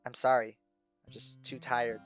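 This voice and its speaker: A man voicing an exhausted, despairing teenage girl who talks quietly and haltingly, apologizing as she goes. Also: medium pitch, little pitch movement, soft background music, close to an everyday voice. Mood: resigned.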